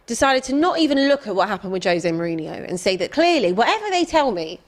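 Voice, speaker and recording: A woman's voice: fairly high pitch, very animated, fast. A woman pundit on a football show, arguing her points firmly in a casual debate. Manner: firm, argumentative. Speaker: football pundit, Tottenham fan.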